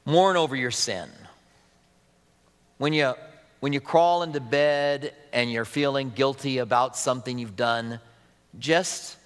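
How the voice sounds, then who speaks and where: A man's voice: medium pitch, long reverb tail. A man preaching a sermon as pastor, earnest and reading scripture aloud to his congregation.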